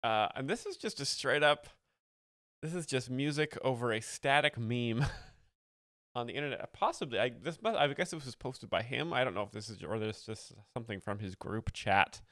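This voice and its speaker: A man hosting a livestream, explaining jokes in a mock-earnest, deadpan way with lots of fillers. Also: medium pitch, normal speed, no echo, clean studio sound. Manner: mock-earnest, reading chat, many fillers. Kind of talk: deadpan satirical commentary.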